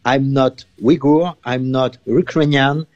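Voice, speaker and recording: Male journalist, halting English. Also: mid-range voice, fairly even intonation, a little mellow, no echo, highs cut off. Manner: halting non-native English with many fillers. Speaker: journalist guest. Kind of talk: phone interview.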